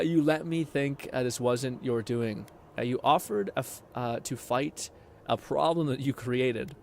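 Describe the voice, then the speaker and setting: Animated young man streaming a game. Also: medium pitch. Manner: excitable, swears, laughs, reads chat aloud. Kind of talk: casual game commentary.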